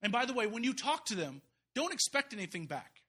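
A man preaching an impassioned, folksy sermon, rising to loud urgent peaks and dropping to quiet asides. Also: very high-pitched, big pitch swings, fairly quick, breathy edge. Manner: folksy, uses y'all and slang. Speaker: guest preacher.

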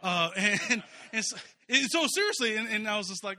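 High, bright-voiced joking pastor. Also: male voice, very animated, normal speed. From Kansas City, US Midwest. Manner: chatty and joking, with frequent fillers and restarts. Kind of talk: casual storytelling sermon.

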